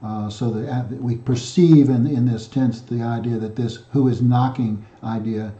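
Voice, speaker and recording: Male teacher, very dark mellow tone, methodical and repetitive delivery; roomy, slightly muffled recording. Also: medium pitch, steady tone, normal speed. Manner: methodical, repeats himself with frequent fillers and restarts. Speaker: Greek teacher. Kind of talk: explaining grammar exercises.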